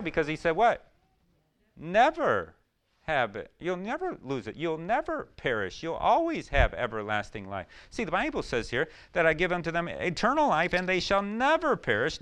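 A man preaching a sermon, swinging between loud emphatic questions and quiet, low storytelling. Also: huge pitch swings, moderate pace.

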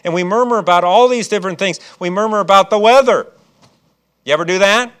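A man's voice: high-pitched, a little fast, a bit bright, clean tone. A man from Chicago preaching a sermon as pastor, with folksy asides and frequent restarts.

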